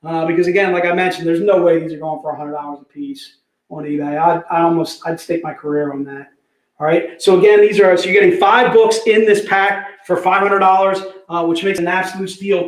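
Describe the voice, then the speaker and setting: An energetic man in his fifties runs a live sales stream, full of jokey patter. His voice sits high for a man. The room around him is echoey. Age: 50s. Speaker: host.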